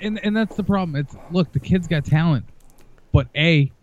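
A man's voice: fairly high pitch, moderate pace, darkish tone, muffled recording. A man on a podcast in casual sports chat, blunt and heavy on swearing, ranting with heat. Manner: blunt, profane, heated ranting. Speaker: podcast co-host.

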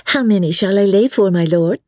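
A woman voicing an eager young barmaid at an inn, speaking brightly. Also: mid-range voice, brisk, no room sound, studio quality, pitched above the performer's own voice, lightly acted.

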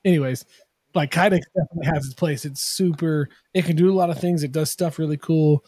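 A man's voice: on the high side, steady tone, fast, a little mellow, breathy edge, dry recording. A man, a guest on a podcast who builds machine tools, talking in a rambling, self-deprecating way full of fillers. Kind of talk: casual podcast chat.

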